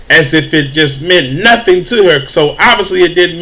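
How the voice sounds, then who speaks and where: A man's voice: fairly high pitch, lively intonation, moderate pace, few pauses, pushed and bright. A man hosting an emotional news commentary stream, pleading and preaching with rising rhetorical questions.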